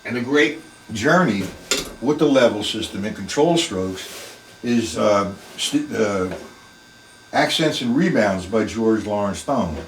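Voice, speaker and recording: A man's voice: fairly low pitch, lively intonation, slow pace, roomy sound, recorded from a distance, slight background noise, poor audio. A man teaching a live online drum lesson, plain-spoken and emphatic, talking through the strokes as he plays them in his practice room.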